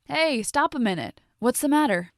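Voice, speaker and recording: A woman voices a moody teenage boy, sounding concerned and pitching her voice above her natural one. The delivery is high-pitched and lively at a moderate pace. The recording is dry and studio quality.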